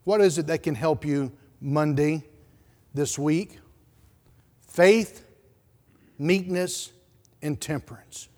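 A man's voice: fairly high pitch, slow, long pauses, a little mellow, in a large hall. A male pastor preaching a sermon emphatically, with repeated words and rhetorical questions.

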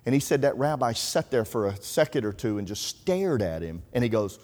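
A man's voice: medium pitch, fairly quick. Man preaching, storytelling, conversational, long echo of a hall. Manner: conversational, animated storytelling, drops to hushed tones for suspense. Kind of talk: sermon with storytelling.

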